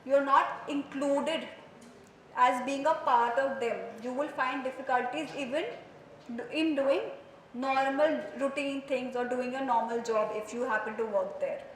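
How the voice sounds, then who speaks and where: High-voiced Indian woman lecturing in an echoey room. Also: fairly even intonation, measured pace. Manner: conversational, mixes in Hindi phrases, quizzes students with questions. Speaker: psychology lecturer. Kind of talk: classroom lecture. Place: classroom. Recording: echoey classroom with faint room noise.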